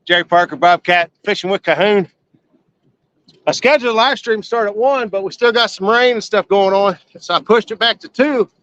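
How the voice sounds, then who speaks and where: A man hosting a casual live fishing stream from a boat on a river, folksy and excitable, whooping when a fish is released. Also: high-pitched, moderate pace, dry recording. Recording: lo-fi outdoor stream with boat noise.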